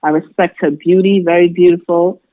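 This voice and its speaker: A woman's voice: lowish voice, fairly quick, no echo. Young woman, makeup artist guest, chatty and filler-heavy, on a dry phone-like line. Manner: chatty, many fillers, lively quoted voices. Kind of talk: casual interview chat. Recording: dry tinny phone-like sound.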